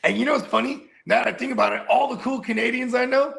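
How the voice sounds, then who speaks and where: A man co-hosting a casual podcast, loud and laughing, who breaks into high shouted catchphrases. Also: fast talker, gravelly. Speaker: co-host.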